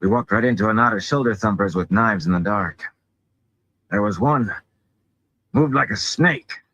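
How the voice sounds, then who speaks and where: A gruff, plainspoken soldier recounts a grim fight in a low, husky voice, as a man reading a storybook puts him on. His speech is blunt and tired. The sound is dull and lo-fi. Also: moderate pace, a bit bright. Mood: weary.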